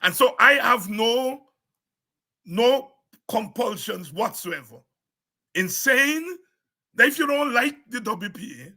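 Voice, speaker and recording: A man with a Guyanese accent giving an impassioned political address as a party leader, forceful and emphatic, repeating words for stress. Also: very high voice, expressive, slow, pauses often.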